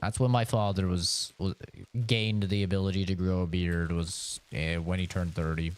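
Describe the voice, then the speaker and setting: A man's voice: deep voice, flat delivery, normal speed, clean tone. A Canadian man in his twenties streaming a game, chatting casually and rambling as he answers his viewers. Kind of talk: casual live-stream chat.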